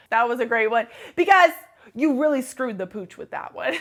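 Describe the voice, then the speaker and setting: A young woman from California hosting her own show, delivering a playful, animated comedic monologue. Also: high-pitched, brisk. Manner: playful, animated, breaks into impressions. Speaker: host.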